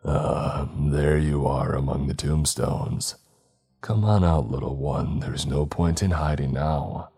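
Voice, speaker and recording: A man voicing a pale, ageless creature that eats souls, with a rasping, insidious, coaxing voice. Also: extremely low pitch, slow pace, warm tone, exaggerated voice. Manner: coaxing, gloating. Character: pale, stretched, soul-eating creature, ageless and sexless.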